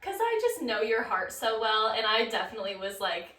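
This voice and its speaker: A woman's voice: on the high side, big pitch swings, a little fast, pushed and bright. A young woman co-hosting a podcast, chatting casually, chiming in supportively and laughing easily. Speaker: podcast co-host. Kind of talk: casual chat. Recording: roomy, distant from the mic.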